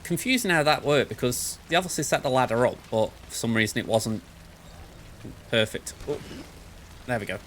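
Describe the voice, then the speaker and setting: Guy doing let's play commentary, chatty and goofy, talks to himself as he plays, mid-pitched voice. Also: animated, a little fast, a bit bright, a little hiss or hum. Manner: chatty, thinks aloud; playful, self-described goofball. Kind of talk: gameplay commentary.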